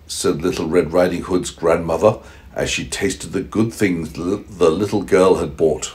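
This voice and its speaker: A man with a low, husky voice reads a bedtime story to a toddler at home. He often pauses to ask simple questions and explain, in a patient, teaching way. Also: steady tone, darkish tone. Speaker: parent reading a bedtime story. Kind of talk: reading aloud to a small child.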